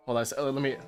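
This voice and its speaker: A man with a medium-pitched voice hosts a casual live stream, animated and exasperated. He swears often and keeps breaking into laughter mid-sentence.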